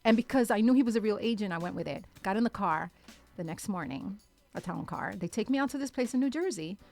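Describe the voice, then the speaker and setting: A woman telling a lively story as a radio show guest, acting out the people in it. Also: mid-range voice, fast talker, gravelly, soft background music. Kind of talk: animated storytelling in casual chat. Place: radio studio.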